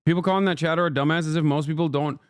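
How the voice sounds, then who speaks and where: A man's voice: fairly high pitch, steady tone, racing, clean tone, no echo, clean studio sound. A man streaming live, commenting on clips in a rambling, emphatic way and talking to his chat.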